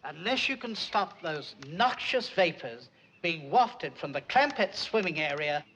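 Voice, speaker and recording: An actor playing a stiff, long-suffering formal butler with starchy, correct diction. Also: male voice, on the high side, sing-song, unhurried, sharp tone, a little hiss or hum, full character voice. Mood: dry.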